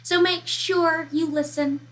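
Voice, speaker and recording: A woman school counselor giving a slow, emphatic lesson to young children. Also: very high-pitched, fairly even intonation, fairly bright tone. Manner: slow, emphatic teacher talk to young kids.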